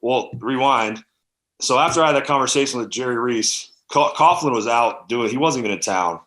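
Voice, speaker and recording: A man in his thirties, a former football player, telling candid stories from his career in a casual, animated interview. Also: medium pitch, moderate pace, roomy sound. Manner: animated, candid storytelling with fillers. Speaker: podcast guest, former NFL tight end.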